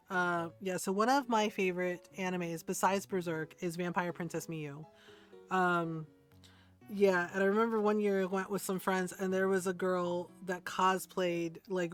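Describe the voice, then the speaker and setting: A woman streamer with a lowish voice chats casually while gaming, rambling with plenty of fillers and often asking "right?" Faint music plays in the background.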